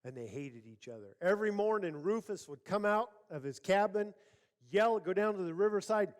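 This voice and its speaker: A man's voice: sits high, animated, moderate pace. A male pastor preaching a sermon, opening with a folksy joking story. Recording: church hall reverb.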